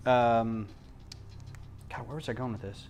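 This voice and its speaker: A man hosting a casual livestream from home, rambling onto tangents, losing his thread and filling pauses with ums. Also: mid-range voice, fairly even intonation, a little mellow, a little hiss or hum. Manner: frequent ums and restarts. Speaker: livestream host. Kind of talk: casual chat while building.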